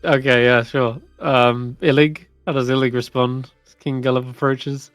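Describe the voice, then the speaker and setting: A man's voice: mid-range voice, little pitch movement, normal speed, no room sound, faint music behind. A man narrating a tabletop game as dungeon master in a casual, laughing way.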